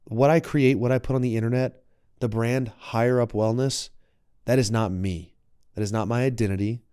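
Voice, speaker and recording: A man's voice: mid-range voice, fairly even intonation, moderate pace, mellow, clean tone, dry recording, studio quality. A young adult man, a wellness coach and content creator, talking reflectively as a podcast guest and acting out quoted voices. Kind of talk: casual podcast conversation.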